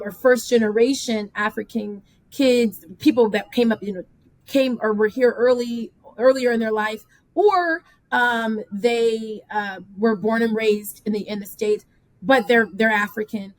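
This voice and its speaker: A woman hosting a podcast interview, talking in a thoughtful, measured way. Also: on the high side, no room sound. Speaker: podcast host. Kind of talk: casual interview talk.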